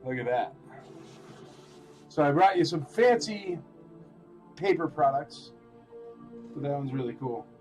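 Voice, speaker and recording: A man's voice: a little high, animated, a little slow, pauses often, darkish tone, faint music behind. A man hosting a casual live-stream auction, chatty and rambling with lots of filler words.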